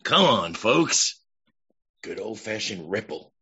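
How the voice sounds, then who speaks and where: A chummy castaway, played by a man in an improv scene, folksy and coaxing. His voice is very low and husky. It comes through muffled, like a video call. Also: very animated, takes it slowly, pushed and bright, full character voice.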